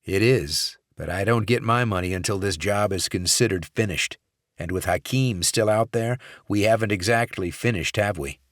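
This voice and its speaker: Man voicing a ruthless male operative, calm, clipped, controlled, low, dry thriller audiobook. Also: normal speed, no echo, natural voice. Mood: explaining.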